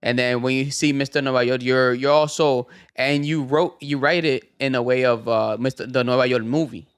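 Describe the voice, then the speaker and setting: Man, podcast host, mid pitch, eager, casual chat. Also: steady tone, moderate pace, clean tone. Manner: eager, agreeing often, mixing Spanish and English.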